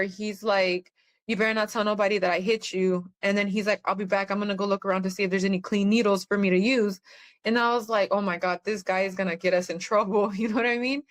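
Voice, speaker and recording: A woman's voice: mid-range voice, fairly bright tone. A woman guest on a podcast, telling a personal testimony in a candid, plainspoken way.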